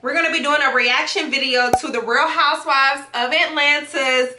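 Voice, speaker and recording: A woman's voice: high voice, fairly even intonation, normal speed, roomy sound, background noise. A woman hosting a casual reaction chat at home, chatty and slangy, laughing often as she talks. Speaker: YouTube reaction host. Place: home setup with hookah and wine.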